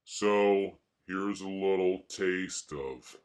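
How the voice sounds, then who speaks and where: A man's voice: deep voice, fairly even intonation, takes it slowly, a bit bright. A man vlogging and rambling casually in a wry, mock-grumpy way. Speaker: art vlogger.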